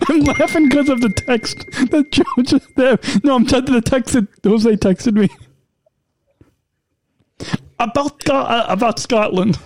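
A man's voice: extremely high pitch, unhurried, a little mellow. A man co-hosting a podcast in a casual chat, playful and teasing, who laughs often. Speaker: podcast co-host.

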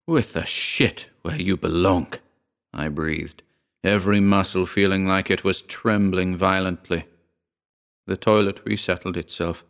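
Male narrator with a deep voice for a spoken horror tale; keep the first-person telling measured and grave. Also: fairly bright tone, clean tone. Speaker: audiobook narrator. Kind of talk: scripted horror story narration.

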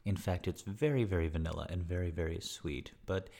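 A man making intimate spoken audio, talking softly and often dropping into a whisper, with rambling asides. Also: low voice, fairly quick, vocal fry. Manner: soft, murmured, often whispering; rambling, self-deprecating asides. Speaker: erotic audio creator.

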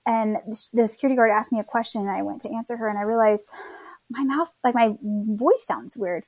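A chatty young woman tells a long story in a relaxed, rambling way, slipping into other people's voices as she quotes them. Her voice sits a little high, and the sound is dry and close with no room around it. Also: quick pace, dry recording. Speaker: guest telling her birth story. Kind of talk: casual storytelling.

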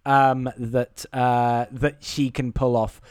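A man's voice: mid-range voice, flat delivery, slow, clean tone, no room sound, studio quality. A man, co-host of a podcast, casually recapping a film with lots of ums and restarts. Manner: rambling recap with many fillers.

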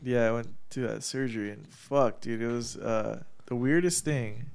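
Man, gravelly voice, casual podcast talk, swears a lot, congested nose. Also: medium pitch, moderate pace, darkish tone. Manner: profane, storytelling, laughs often. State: congested nose after surgery. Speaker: podcast co-host. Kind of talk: casual chat.

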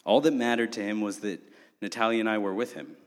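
A young man telling a humorous, animated story in a sermon. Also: on the low side, fast talker. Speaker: preacher. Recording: long hall reverb.

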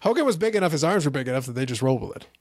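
Animated, playful male podcast host. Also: fairly high pitch, racing, no echo, studio quality. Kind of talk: casual chat.

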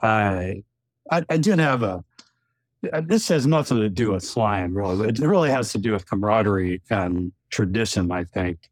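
A man, a retired general, telling a long anecdote with frequent chuckles in a relaxed podcast chat. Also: on the low side, moderate pace, no room sound. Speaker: retired general, former wing commander.

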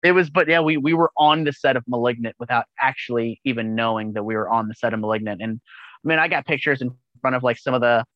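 A man's voice: medium pitch, quick pace, no room sound, highs cut off. A man chatting casually as a podcast guest, rambling with enthusiasm and swearing freely. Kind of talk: casual chat.

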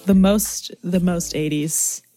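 A woman co-hosting a casual movie-review podcast, relaxed and hesitant, trailing off with ums. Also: on the low side, slow pace, soft background music. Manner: laid-back, hesitant, often trailing off with ums. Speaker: podcast co-host.

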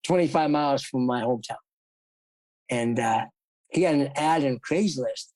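Mellow-voiced man telling stories casually. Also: mid-range voice, normal speed, long pauses, no echo, rough recording. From South Dakota, US. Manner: rambling, laughs often, acts out quoted voices. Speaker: guest, former horse jockey. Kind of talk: casual storytelling interview.

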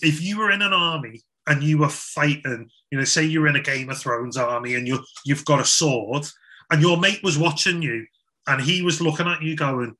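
A man's voice: a little high, sharp tone. A young man giving a casual, chatty Christian talk to young people, with frequent restarts and fillers. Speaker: youth speaker.

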